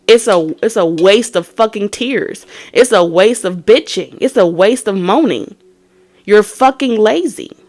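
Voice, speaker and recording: A woman's voice: mid-range voice, lively intonation, a little slow, a little mellow. Blunt, profane woman tarot reader. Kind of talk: profane tarot reading rant.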